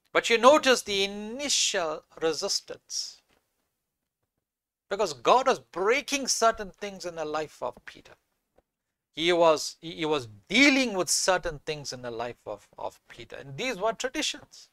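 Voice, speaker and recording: High-voiced emphatic male preacher. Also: a bit bright, no echo. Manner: emphatic, repeats key phrases, reads scripture aloud. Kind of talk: sermon.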